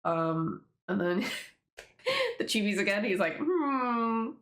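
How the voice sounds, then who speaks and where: A woman's voice: mid-range voice, huge pitch swings, slow. A woman casually rambling through commentary on her own comic, swearing freely and laughing as she goes. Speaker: webtoon creator reading her own comic. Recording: echoey room.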